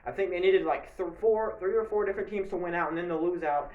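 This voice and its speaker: A man's voice: sits high, fast, narrow, tinny audio. A man giving a casual, rambling sports recap to camera, breaking into bursts of mock play-by-play hype. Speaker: sports video creator. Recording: echoey room.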